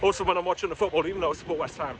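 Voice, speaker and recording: Middle-aged running Geordie man, mid-high voice. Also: very fast. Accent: Geordie mixed with London. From Newcastle, England. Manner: chatty, frank, talking while running. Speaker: running vlogger. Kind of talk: casual running vlog. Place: outdoors on city streets and canal towpath. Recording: clear urban background noise.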